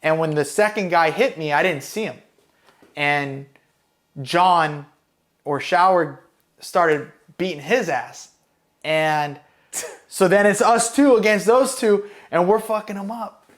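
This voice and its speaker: A man from Los Angeles County with a fairly high voice tells stories from his time as a Marine. His talk is loose and profane, full of "you know" and "dude". The delivery is casual and rambling. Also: slow, fairly bright tone. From Los Angeles County, California. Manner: profane, rambling, with many fillers. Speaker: Marine combat veteran guest. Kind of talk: casual storytelling.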